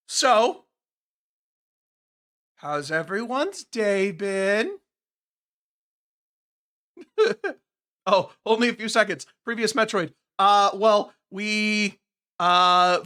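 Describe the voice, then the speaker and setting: A man with a bright, fairly high, clear and resonant voice chats with his audience during a gameplay livestream, sounding like a desk mic in a home setup. He rambles casually, then slips into sarcastic, exasperated grumbling about the game, his pitch rising whenever something annoys him.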